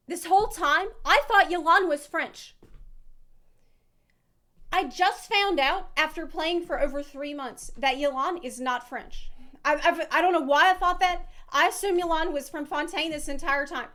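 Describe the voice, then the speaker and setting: Woman streamer, high voice, casual swearing ramble. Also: measured pace, bright, forceful tone. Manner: rambling, swearing, self-mocking. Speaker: streamer reacting to a video. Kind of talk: casual reaction chat.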